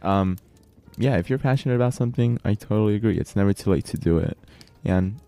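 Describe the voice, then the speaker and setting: Californian host, very low, dark voice, laid-back chatter peppered with "like". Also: male voice, fast, gravelly, soft background music. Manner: relaxed, fills speech with "like". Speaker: podcast host. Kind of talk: casual chat.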